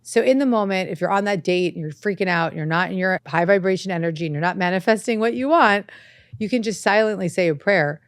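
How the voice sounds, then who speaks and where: A woman hosting a self-help podcast, talking earnestly and reflectively, breaking into animated anecdotes. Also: mid-range voice, quick pace, no room sound, clean studio sound. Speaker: podcast host. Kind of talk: motivational self-help talk. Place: studio set with lights.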